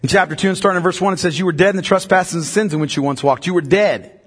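A man preaching a sermon as pastor, emphatic and building to loud, pressing peaks. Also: sits high, quick pace, breathy edge, long reverb tail.

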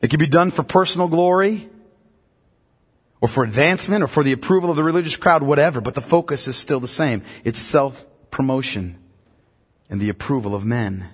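A man preaching a sermon as pastor, emphatic and building to loud, pressing peaks. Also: mid-range voice, brisk, slightly rough, in a large hall.

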